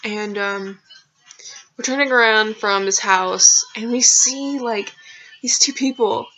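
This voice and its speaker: A young woman vlogger rambles through embarrassing personal stories in casual storytelling, full of fillers and casual swearing. Her voice is fairly high, slow, pushed and bright, and the recording sounds lo-fi and dull.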